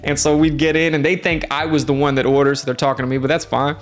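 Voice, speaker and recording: A man's voice: fairly high pitch, little pitch movement, quick pace, soft background music. A man from the United States chatting casually, telling travel stories in a friendly, rambling way with plenty of fillers. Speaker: streamer host. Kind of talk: casual storytelling. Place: indoors, lives in Norway.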